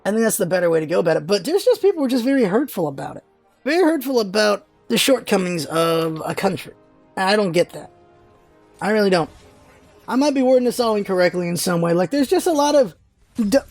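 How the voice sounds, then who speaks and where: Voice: a little mellow, no echo. Rambling American vlogger, dry sound. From United States. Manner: rambling, jumps high in pitch when exasperated. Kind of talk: casual opinion vlog.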